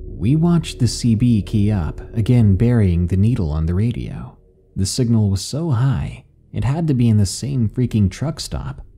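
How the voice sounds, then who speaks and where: Dark, husky male horror narrator. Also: on the low side, very animated, moderate pace. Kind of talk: scripted horror story narration. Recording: faint background music.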